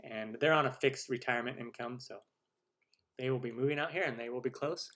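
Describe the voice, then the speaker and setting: Man, 40s, cooking show host, casual live chat, rambling, fillers, self-mocking humor, mid pitch. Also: brisk, fairly bright tone. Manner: chatty and rambling, self-deprecating jokes, many fillers.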